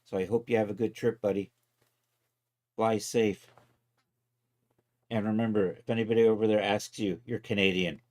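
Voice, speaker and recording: Low-voiced man chatting through a livestream. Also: steady tone, normal speed, pauses often. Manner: chatty, talks to viewers and to his software while working, chuckles often. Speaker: 3D artist livestreaming his work. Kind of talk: casual live-stream commentary.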